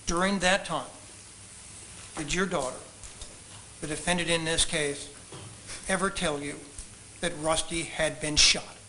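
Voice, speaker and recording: A man examining a witness in a courtroom, asking measured, polite, leading questions. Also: on the high side, fairly even intonation, sharp tone, slight background noise, poor audio. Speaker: trial attorney questioning a witness.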